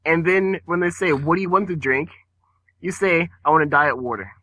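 A man co-hosting a late-night comedy podcast, telling bits with animated quoted voices. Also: a little high, moderate pace, no echo, poor audio. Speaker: podcast co-host. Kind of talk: late-night casual chat.

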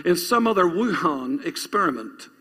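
A man's voice: sits high, animated, normal speed, bright, forceful tone, slightly rough. A male pastor preaching a sermon, reading scripture aloud and urging the congregation to repeat lines after him. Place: church. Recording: long reverb of a church hall.

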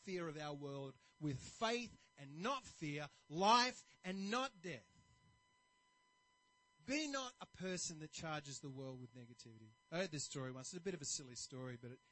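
Brief: male preacher, high and lively voice, animated storytelling sermon. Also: normal speed, poor audio. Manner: animated, storytelling, self-deprecating. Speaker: pastor.

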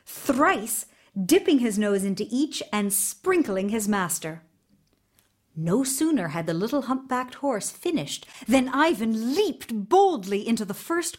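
Female storyteller, unhurried read-aloud, animated melody. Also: fairly high pitch. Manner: slow, expressive narration.

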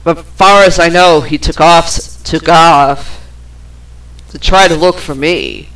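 Slow, rambling woman vlogger. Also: fairly low pitch, lively intonation, fairly bright tone, rough recording. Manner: frustrated, profane, rambling with fillers. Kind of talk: personal storytelling.

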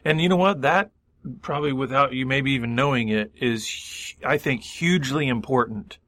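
A radio co-host on a faith-based recovery talk show speaks at normal speed in a medium-pitched, slightly bright voice. He's thoughtful, building on his partner's points with many "I mean"s.

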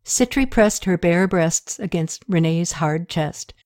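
Woman with a lowish voice reading a story aloud. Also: takes it slowly, a little mellow, dry recording, studio quality. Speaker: narrator. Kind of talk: audiobook narration.

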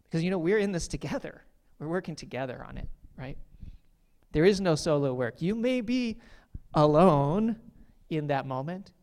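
Guy pastor preaching, chatty and earnest, says like a lot, kinda higher voice. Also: expressive, moderate pace, a little mellow. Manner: conversational, many "like" fillers, earnest. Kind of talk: sermon.

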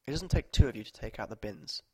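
A man voicing a brisk, no-nonsense mother of two girls who scolds her daughters. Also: mid-range voice, expressive, gravelly, slightly rough, no echo.

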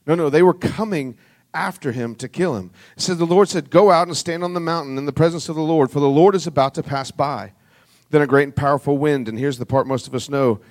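A man preaching a sermon, reading scripture aloud and sinking to a soft, low voice on solemn passages, with an earnest, conversational delivery. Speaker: pastor.

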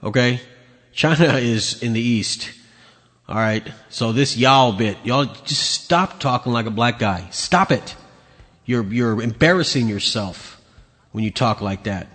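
A man's voice: mid-range voice, unhurried, a bit bright. Angry, profane ranting man. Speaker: podcast host. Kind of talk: ranting commentary on video clips. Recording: long hall reverb.

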